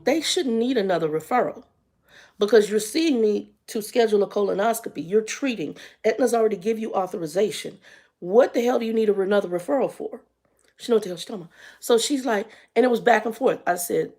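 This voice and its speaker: A woman's voice: medium pitch, fast talker. Exasperated woman in her fifties telling a story. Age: 50s. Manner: animated and exasperated, acts out dialogue. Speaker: vlogger. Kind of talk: casual storytime vlog.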